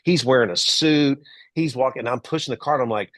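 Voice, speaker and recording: Animated Texan storyteller, middle-aged man. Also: mid-range voice, fairly quick, no echo. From Texas. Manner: animated storyteller, acts out quoted voices. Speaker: guest, entrepreneur and author. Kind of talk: storytelling interview.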